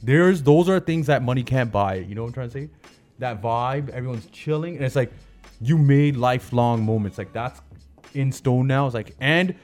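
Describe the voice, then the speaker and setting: A man's voice: medium pitch, moderate pace, darkish tone. A man from Canada chatting as a podcast guest, voice sitting mid-range, loose and slangy, full of restarts and asides. Faint music runs underneath. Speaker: guest, comedian and chef. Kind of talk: casual interview chat.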